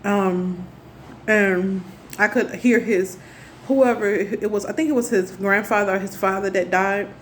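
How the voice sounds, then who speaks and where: A woman's voice: mid-range voice, fairly even intonation, a little slow. A young woman talking to camera in a casual personal monologue. Her talk rambles earnestly, with many restarts. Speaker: spiritual vlogger. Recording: faint background noise from neighbors.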